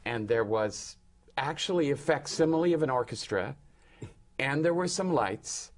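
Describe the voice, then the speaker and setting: A man's voice: medium pitch, lively intonation, normal speed. An older man, a guest actor in a studio interview, telling wry, self-deprecating stories about stepping into shows.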